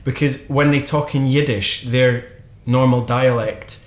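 A man's voice: mid-range voice, steady tone, a little slow. Opinionated man in an echoey room. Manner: opinionated, playfully sarcastic. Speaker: podcast co-host. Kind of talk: casual chat. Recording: roomy echo.

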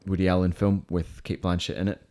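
Low-voiced man chatting about films. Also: little pitch movement, a little fast, mellow, clean tone. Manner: rattles off lists of film titles, enthusiastic, with fillers. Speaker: podcast co-host. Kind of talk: casual film chat.

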